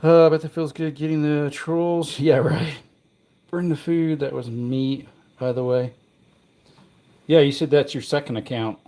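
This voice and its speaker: A man's voice: on the high side, steady tone, a little slow, dark tone. A man hosting a casual livestream, mumbling and joking to his chat while he works at a bench. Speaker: livestream host.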